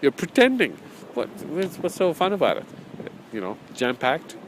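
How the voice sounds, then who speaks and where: A man's voice: on the high side, wildly swooping pitch, moderate pace, a little hiss or hum, low-quality recording. A man teaching an informal spoken course, talking conversationally, repeating phrases and chuckling often, sometimes reading from his own book. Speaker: spiritual teacher.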